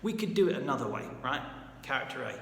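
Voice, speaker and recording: Talking fast in a gravelly, sing-song mid-range voice, a man offers informal writing advice and keeps tossing in "right?" to check in. The room echoes with long reverb, and faint background noise can be heard.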